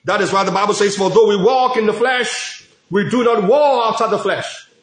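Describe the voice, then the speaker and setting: High-voiced preacher in an echoey room. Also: male voice, normal speed, a bit bright. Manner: emphatic, repetitive preaching with frequent praise interjections. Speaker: pastor. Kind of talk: sermon.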